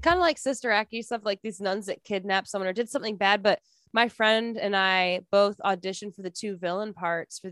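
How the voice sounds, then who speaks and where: A woman's voice: medium pitch, fairly bright tone, no echo, studio quality. Chatty woman from Michigan, podcast guest. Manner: laughs often, chatty storyteller. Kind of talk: casual chat.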